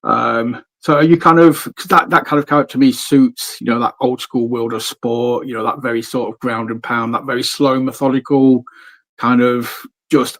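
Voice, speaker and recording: A man's voice: medium pitch, fairly even intonation, normal speed, a bit bright. A man hosting a podcast interview, chatty and encouraging toward his guest. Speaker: podcast host.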